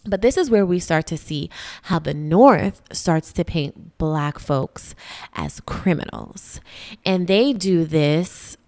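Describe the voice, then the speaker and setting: A woman's voice: on the low side, animated, takes it slowly, a little mellow. A woman hosting a podcast, explaining history in a conversational, emphatic way and often checking in with her listeners. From United States. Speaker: podcast host.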